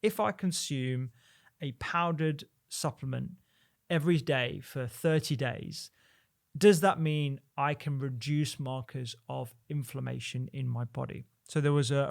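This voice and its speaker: A man, a doctor hosting his show, talks through nutrition research in a measured way, often restarting and repeating words. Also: medium pitch, creaky. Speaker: doctor and podcast host. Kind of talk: solo explainer reviewing research.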